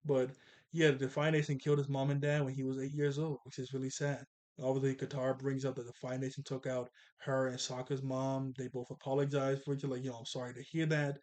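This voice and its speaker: A man casually recapping a cartoon episode, animated and chatty, acting out the characters' lines in jokey voices. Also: medium pitch, fairly quick. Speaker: cartoon reviewer.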